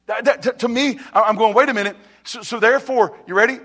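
A man preaches to his congregation in a high, light voice. He talks conversationally, restarts phrases and keeps asking if they are ready. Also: fast, fairly bright tone. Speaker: pastor. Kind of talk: sermon. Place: church sanctuary.

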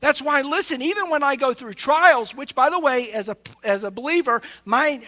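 Very high-voiced, bright fervent male preacher. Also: expressive, normal speed. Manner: fervent preaching that swings between soft asides and loud, raised bursts. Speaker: pastor. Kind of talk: sermon.

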